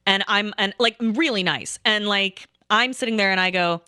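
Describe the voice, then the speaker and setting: A woman in her thirties telling a rambling, animated story in casual chat, swearing often and acting out what people said. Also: mid-range voice, moderate pace, hardly any pauses, clear, resonant tone, no room sound, studio quality. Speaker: storyteller recounting a game night.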